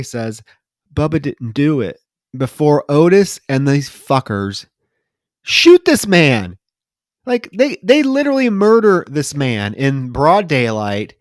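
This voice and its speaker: A man's voice: medium pitch, no echo. Man animatedly retelling a film, dry sound. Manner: animated retelling with loud shouted quotes of film lines. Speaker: podcast co-host. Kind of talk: casual film-review chat.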